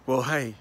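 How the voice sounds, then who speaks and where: Guy vlogging on a street walk, rambly and chatty, faint outdoor noise. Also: medium pitch. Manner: chatty, rambling storyteller with laughs. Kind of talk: casual walking vlog chat.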